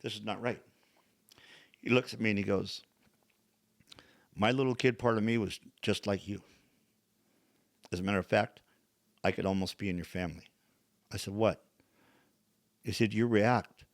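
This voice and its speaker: An older man hosting a podcast, telling stories in a casual, blunt way and acting out the dialogue with lively switches of voice. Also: lowish voice, moderate pace, long pauses, no echo, clean studio sound. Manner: animated, acts out quoted dialogue; blunt, frank wording. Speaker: podcast host. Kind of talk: casual storytelling chat.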